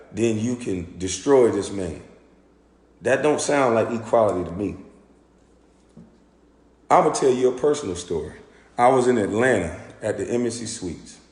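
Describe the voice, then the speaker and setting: Man, ex basketball player, ranting story, profane and animated, roomy echo, long reverb. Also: on the low side. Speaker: former pro basketball player. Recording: echoey room with long reverb.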